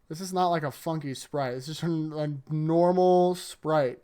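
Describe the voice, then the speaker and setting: Jokey, animated male anime vlogger. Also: a little high, measured pace, few pauses, clear, resonant tone. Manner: animated, jokey, with voiced impressions. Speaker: anime recap YouTuber. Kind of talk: casual rambling recap. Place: indoors in front of a green screen.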